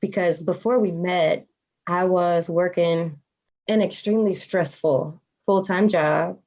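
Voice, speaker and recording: A woman's voice: lowish voice, fairly even intonation, darkish tone, lo-fi sound. A woman in her thirties, a podcast guest, talking candidly and reflectively in casual conversation. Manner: candid and reflective, with quick laughs.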